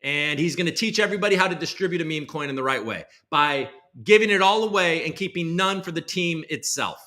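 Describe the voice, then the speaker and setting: A young man hosting a casual livestream, rambling and sarcastic, jumping from loud bursts to low muttered asides. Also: brisk. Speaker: host.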